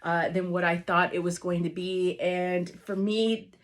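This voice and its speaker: Recapping a live wrestling show for her viewers, this woman talks in a fairly low, steady voice at a slightly slow pace. She's effusive and emotional, laughing a lot and leaning heavily on "literally" and "you guys." Now and then she seems on the verge of crying.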